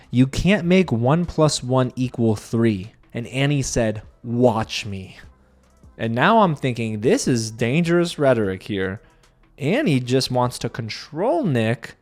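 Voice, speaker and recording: A man giving a casual, sarcastic recap of a reality show, talking straight to his viewers with lots of animation. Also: medium pitch.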